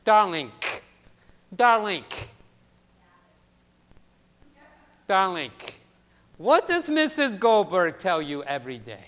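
A man's voice: sing-song, a little slow, long reverb tail, heavily acted. A man voicing a doting, insistent elderly woman neighbor who speaks with a strong accent and keeps calling a child "darling". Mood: coaxing, emphatic. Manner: emphatic, high and loud.

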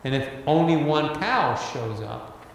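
A man's voice: a little high, animated, measured pace, vocal fry, a little hiss or hum. A man voicing a plain-spoken older farmer with dry, folksy talk, in an echoey hall.

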